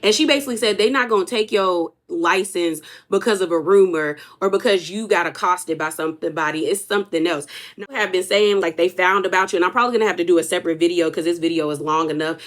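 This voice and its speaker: A woman's voice: lowish voice, quick pace, few pauses. A woman hosting a casual reality TV recap, animatedly acting out what the cast said. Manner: animated, acts out cast members' lines. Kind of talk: casual chat.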